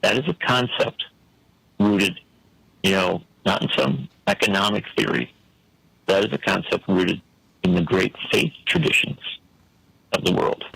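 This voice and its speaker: A man's voice: deep voice, unhurried, vocal fry, pauses often, fairly bright tone, breathy edge, no echo, poor audio. A man giving an emphatic, preacherly political commentary on a talk show, full of rhetorical questions.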